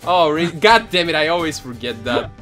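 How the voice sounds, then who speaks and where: A playful young man chatting through a game, his voice a bit high and very lively in pitch. He giggles often and reads the game's text aloud in a mock voice. Game music plays steadily behind him. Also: moderate pace. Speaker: gaming YouTuber host. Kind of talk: casual multiplayer gaming banter.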